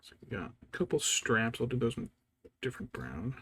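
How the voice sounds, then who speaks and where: As he paints a miniature for his stream, a man chats casually and mutters to himself in a relaxed manner. His voice is medium-pitched with a breathy edge, and he speaks at a moderate pace.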